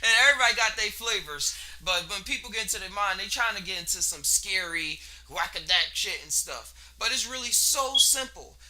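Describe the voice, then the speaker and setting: High, bright-voiced man musing casually. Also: expressive, fairly quick, hardly any pauses. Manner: rambling, laid-back, slangy, laughs between thoughts. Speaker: podcast host. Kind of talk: casual solo monologue.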